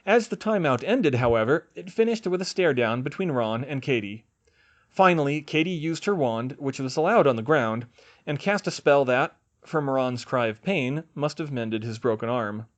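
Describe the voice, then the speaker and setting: A man reads a fan fiction audiobook aloud, telling the story in a steady, even way. His voice sits in the mid range and he keeps a moderate pace.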